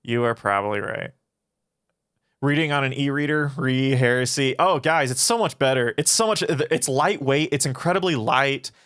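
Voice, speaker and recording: A man's voice: mid-range voice, moderate pace, hardly any pauses, fairly bright tone, dry recording, clean studio sound. A man casually answering chat questions on a livestream, swearing often and rambling through his answers. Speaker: philosophy channel streamer.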